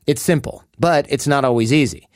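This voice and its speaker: A man with a middle-pitched voice reads sponsor spots on his podcast, loose and chatty, jumping into quick playful voices for quoted bits. The sound is dry and close, with no room around it. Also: darkish tone, dry recording. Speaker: podcast host reading sponsor ads. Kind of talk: casual ad read with banter.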